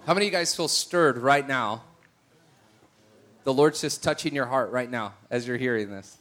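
A man's voice: medium pitch, moderate pace. A male preacher telling stories in a sermon, acting out the voices of the people in them. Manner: animated, acts out voices in his stories. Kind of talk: sermon with storytelling.

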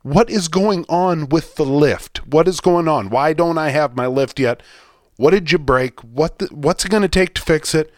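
A man's voice: a little high, moderate pace, no room sound, studio quality. A man co-hosting a podcast, ranting and telling a story in profane casual chat. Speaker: podcast co-host. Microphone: studio mic.

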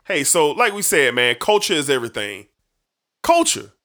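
A man's voice: a little high, fairly quick. A man hosting a sports talk show, talking about football in a casual, emphatic way full of slang. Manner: animated, emphatic, folksy slang.

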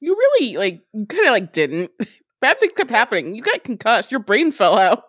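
A woman's voice: on the high side, wildly swooping pitch, moderate pace, fairly bright tone, husky, dry recording, studio quality. A woman co-hosting a podcast, chiming in on a TV recap with corrections and jokes in casual chat. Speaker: podcast co-host.

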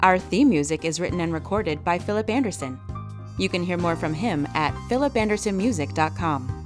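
A woman narrating a children's storybook podcast as its host, in a calm, even, scripted manner. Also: lowish voice, a little fast, music in the background.

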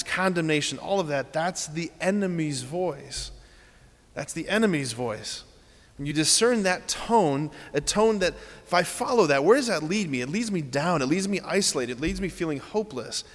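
Earnest preacher, higher voice, church reverb. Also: male voice, lively intonation, moderate pace. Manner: earnest, repeats key phrases, leads the congregation in exercises. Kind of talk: sermon.

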